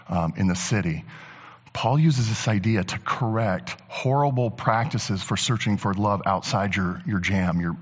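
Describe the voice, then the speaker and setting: A man preaching a sermon as a pastor, talking conversationally and building to animated emphasis. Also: lowish voice, slightly rough. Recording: long church reverb, dull lo-fi sound.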